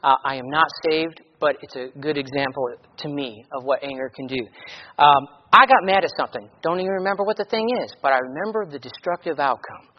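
Guy preaching a sermon, kinda high voice, reads scripture loud then drops into casual asides, dull lo-fi sound. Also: a little fast. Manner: reads scripture aloud with loud emphasis, breaks into plain asides. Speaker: pastor. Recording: echoey hall, dull lo-fi sound.

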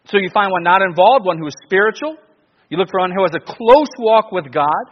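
A pastor delivers an animated sermon, throwing out rhetorical questions and often restarting his sentences. His voice sits high and sounds a bit husky. The lo-fi recording is muffled, with a long reverb trailing through the church. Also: a little fast.

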